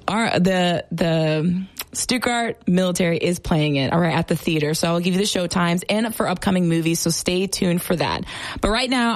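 A young woman hosting a radio show, chatting excitedly about her weekend in a casual, storytelling way. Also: mid-range voice. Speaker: radio host.

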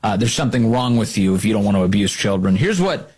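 A man's voice: lowish voice, animated, fast, a little mellow, breathy edge. A man hosting a talk show, delivering an emphatic, opinionated monologue and repeating key lines for effect.

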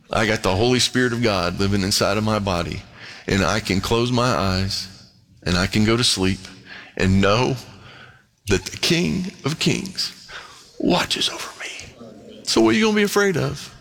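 A man preaching a sermon and reading scripture aloud, emphatic, dropping to a hush and then rising to excitement. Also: lowish voice. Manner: emphatic, swings between hushed and excited. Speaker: pastor.

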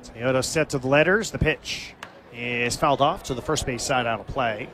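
A man calling live baseball play-by-play as the team's announcer, giving steady, stat-heavy recaps of the game. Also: mid-range voice, normal speed, a little hiss or hum.

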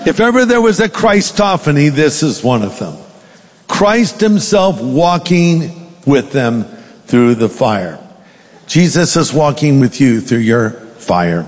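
A man's voice: a little high, big pitch swings, slow pace, long reverb tail. A male pastor preaching a sermon, reading scripture aloud with dramatic emphasis.

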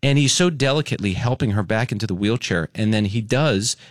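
A man hosting a radio talk show, telling a story with lively swings in pitch and acting out what people said. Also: a little fast, dry recording, clean studio sound. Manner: animated, acts out quotes with big pitch jumps. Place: radio studio. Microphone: studio mic.

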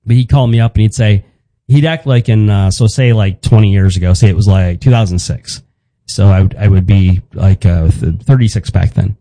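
Wry man in his fifties, dark tone. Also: on the low side, no room sound, low-quality recording. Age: 50s. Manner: halting, wry storyteller with frequent restarts. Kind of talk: casual storytelling chat.

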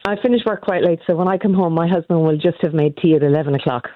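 A woman's voice: fairly low pitch, quick pace, no room sound. Cheerful Irish woman on a phone line. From Ireland. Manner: cheerful, laughs easily. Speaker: caller. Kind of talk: casual phone-in chat.

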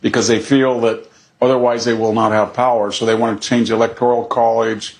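A man answering as a guest in a television interview, listing his points in a calm, measured way. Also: medium pitch, gravelly.

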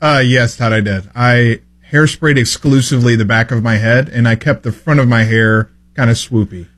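A man in his twenties, a radio co-host, chatting casually in an easygoing, low-key way. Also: moderate pace, fairly bright tone. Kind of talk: casual chat.

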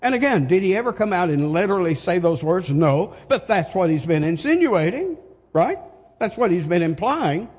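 A husky, higher-pitched older man preaches at a deliberate, unhurried pace, pressing his points with rhetorical questions. His voice rings with the long reverb of a large hall. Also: big pitch swings, a little mellow. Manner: slow, emphatic, asks rhetorical questions. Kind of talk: sermon.

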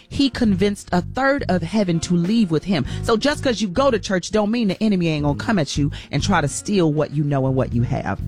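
A woman radio host delivers a spirited inspirational message, preachy and emphatic, repeating key lines for stress. She talks folksy and direct, calling her listeners y'all. Faint music plays behind her. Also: lowish voice. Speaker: radio morning show host.

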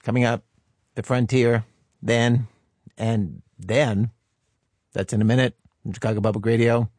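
A man hosting a radio program who announces what is coming up in a brisk, matter-of-fact way. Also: medium pitch, steady tone, darkish tone, no room sound. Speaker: radio host. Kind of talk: on-air announcement. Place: radio studio.

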